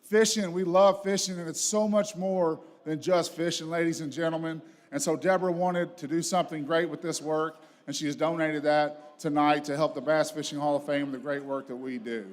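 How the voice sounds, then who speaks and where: A man's voice: a little high, steady tone, fairly quick, few pauses, big-room sound. A man, a board member, giving a heartfelt speech at an awards banquet. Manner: earnest, heartfelt storytelling. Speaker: board member presenting an auction item.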